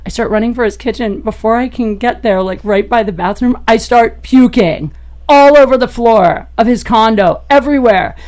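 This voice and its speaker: A woman comedian, a podcast guest, telling a raunchy personal story in an animated way and laughing as she goes. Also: normal speed. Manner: animated, gets loud and high-pitched as the story peaks; laughs through her own story.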